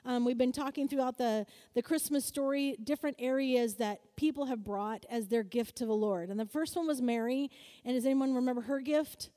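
Woman preacher, high and mellow voice, lively and talky, asks the room for answers, long hall echo. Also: fairly quick. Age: adult, married. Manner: lively, calls for audience answers, acts out quoted voices. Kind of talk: sermon-style teaching to a group.

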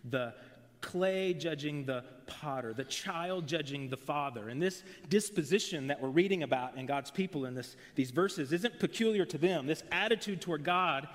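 A man's voice: on the high side, lively intonation, normal speed. A man preaching a sermon as pastor, earnest with emphatic rising phrases, recorded in a church sanctuary on a pulpit mic. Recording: long reverb of a large hall.

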